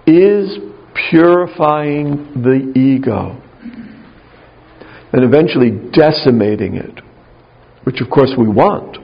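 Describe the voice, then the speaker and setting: Gravelly, husky man giving a spiritual talk. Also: medium pitch. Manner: conversational, anecdotal, wry. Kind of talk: spiritual talk with personal storytelling. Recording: dull lo-fi recording.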